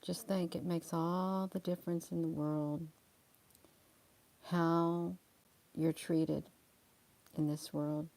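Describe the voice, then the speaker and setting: A middle-aged woman chatting slowly and soothingly with livestream viewers, calling them honey. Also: on the low side, flat delivery, vocal fry, a little mellow. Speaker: livestream host reading viewer comments. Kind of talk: slow casual chat to live viewers.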